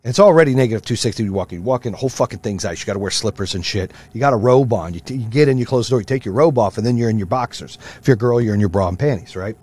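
A man in his thirties or forties hosting a podcast, ranting with lots of profanity in a fired-up motivational way, then dropping to a low, quieter voice for stories. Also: lively intonation, rapid-fire, few pauses, husky. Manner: swings from loud rants to low, quieter storytelling. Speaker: podcast host. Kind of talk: casual monologue.

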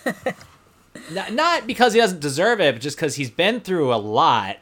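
A man's voice: fairly high pitch, sing-song, normal speed, fairly bright tone. A man co-hosting a podcast, rambling in a loose, self-deprecating way while recapping a TV episode. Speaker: podcast co-host. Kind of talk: casual chat recapping a TV episode.

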